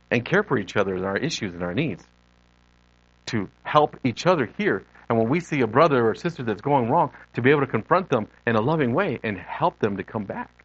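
A man's voice: medium pitch, dry recording, highs cut off. A middle-aged man, a lay preacher and missionary, giving an unscripted sermon full of personal stories and acting out the voices he quotes. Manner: earnest storytelling, animated quoted voices.

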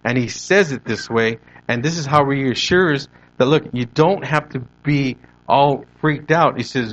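A man preaching a sermon, animated and conversational, moving his hands as he talks. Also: medium pitch, a little slow, hardly any pauses, lo-fi sound. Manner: animated preaching with hand gestures. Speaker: pastor.

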